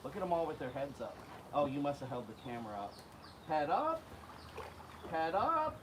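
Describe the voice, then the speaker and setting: A man's voice: on the high side, normal speed. A man hosting a casual vlog outdoors, coaxing and calling to alligators as he feeds them, in a windy spot. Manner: animated, calls animals in a coaxing voice. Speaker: alligator keeper and channel host. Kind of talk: casual vlog talk while feeding animals. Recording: noisy outdoor recording.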